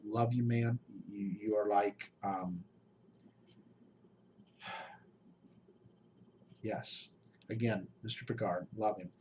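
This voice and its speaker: Man, late forties, emotional vlog update, heartfelt, pleading, halting, faint background noise. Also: lowish voice, darkish tone. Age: 40s. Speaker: YouTube game master channel host. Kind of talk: emotional personal update to followers.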